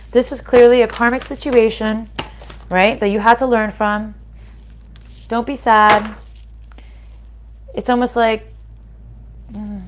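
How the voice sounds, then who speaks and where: A woman talks viewers through a spiritual card reading in a relaxed, chatty way. She sounds reassuring and keeps checking in with little "right?" and "okay?" questions as she goes. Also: on the high side.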